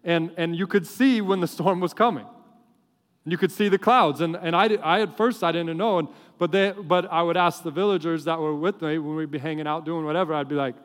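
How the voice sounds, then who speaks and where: Male preacher, high voice, animated joking storyteller, long hall reverb. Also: fairly quick. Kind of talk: sermon.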